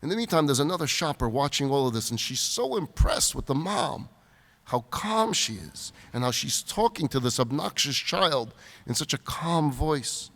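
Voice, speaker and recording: A man's voice: fairly high pitch, moderate pace, gravelly. A man, a rabbi, giving a sermon-style talk at a retreat, telling stories with emphasis on a stage microphone. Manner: animated storyteller, emphatic. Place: large event hall, live audience. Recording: reverberant hall.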